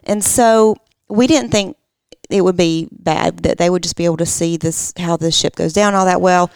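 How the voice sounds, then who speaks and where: A woman in her thirties co-hosting a podcast, speaking in an earnest, measured way in casual conversation. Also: on the low side, steady tone, vocal fry, a little mellow, clear, resonant tone, no room sound. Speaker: podcast co-host.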